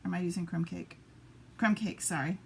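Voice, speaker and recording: A woman's voice: lowish voice, steady tone, brisk, vocal fry, slight background noise. A woman demonstrating papercraft in a casual live stream, chatting to viewers and muttering little asides to herself as she works at a home craft table.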